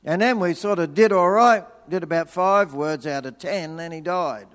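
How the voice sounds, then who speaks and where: A man preaching a sermon, telling a personal story with energy, then dropping into hushed, slow prayer. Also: a little high. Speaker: pastor.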